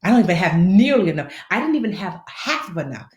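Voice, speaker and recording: A personal finance host in her thirties, with a lowish voice and a slight lisp, talks fast in an echoey room. During a casual live stream she gives slangy money advice, animated and playful, acting out the voices of people she quotes.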